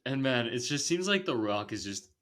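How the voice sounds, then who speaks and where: A man's voice: medium pitch, very animated, normal speed, a bit bright. A young man hosting a casual movie podcast, laid-back with lots of fillers and frequent laughter. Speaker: podcast host.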